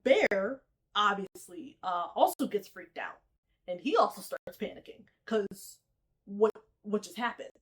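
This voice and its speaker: Casual female movie reviewer, mid-pitched, chatty and animated plot breakdown. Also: unhurried. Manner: chatty, animated storytelling with frequent "like" and "okay?".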